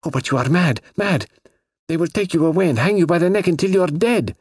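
A frightened young foreign woman pleads in a high, breathless, husky voice, as a male storyteller puts her on. Her words swoop and climb anxiously, spoken close and dry with no room around them. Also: lively intonation, normal speed, dry recording. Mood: frantic.

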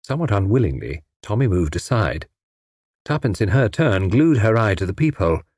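A man narrating an audiobook in a measured, expressive reading voice, close to the mic. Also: on the low side, husky, no echo. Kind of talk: scripted narration.

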